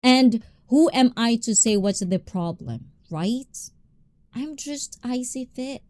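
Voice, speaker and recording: A woman hosting a live stream, chatting with viewers in an animated, passionate way and switching between English and Tagalog. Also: on the high side, slow, dry recording. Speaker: livestream host.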